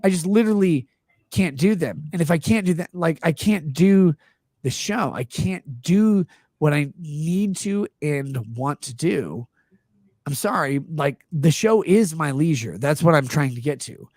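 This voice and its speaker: A man's voice: fairly high pitch, expressive, measured pace, a little mellow, dry recording, clean studio sound. A man in his thirties hosting a casual live-stream chat, earnestly and defensively explaining himself at length. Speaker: show host.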